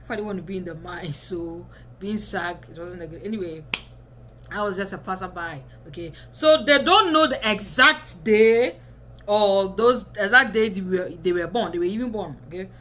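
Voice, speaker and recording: A woman's voice: mid-range voice, normal speed, pushed and bright, a little hiss or hum. A woman in her twenties giving casual advice to camera as a vlogger, chatty and often checking in with the viewer. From Ghana.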